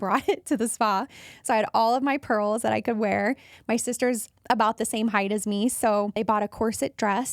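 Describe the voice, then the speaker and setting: A woman in her thirties tells a personal story on her podcast, slipping into lively put-on voices whenever she quotes someone. Her voice sits a little high and carries a gravelly fry. The sound is close and dry, with no room echo. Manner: animated, acts out quoted voices with jumps in pitch. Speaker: podcast host.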